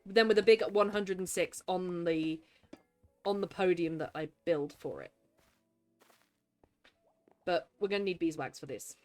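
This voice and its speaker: A woman's voice: fairly low pitch, unhurried, pauses often, a little mellow, soft background music. A woman streaming live gameplay, chatting away, greeting and thanking viewers and talking to the creatures in her game.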